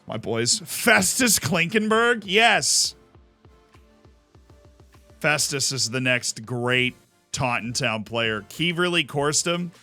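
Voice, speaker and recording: A man's voice: on the high side, expressive, slow, long pauses, sharp tone, soft background music. A man from Florida giving casual, enthusiastic commentary while streaming a game. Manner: chatty, enthusiastic, jokey asides.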